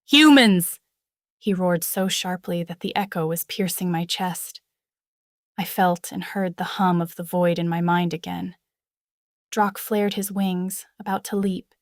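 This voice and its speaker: A woman reading a first-person fantasy novel aloud in a dramatic, expressive way. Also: fairly low pitch, unhurried, dry recording, clean studio sound. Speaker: audiobook narrator.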